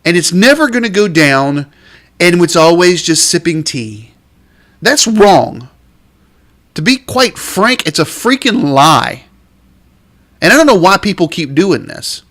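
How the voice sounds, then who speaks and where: A man hosting a real estate podcast, ranting in an exasperated, emphatic way and drawing out the words he wants to stress. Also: high voice. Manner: lively, drawn-out stresses on key words. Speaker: realtor and podcast host. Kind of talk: podcast rant.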